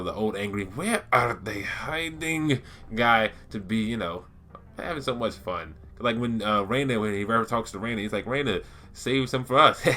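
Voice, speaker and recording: A man's voice: on the low side, pushed and bright. A man talking casually and enthusiastically to his viewers, rambling with lots of fillers and restarts. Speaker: gaming YouTuber. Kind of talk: casual lore-talk vlog.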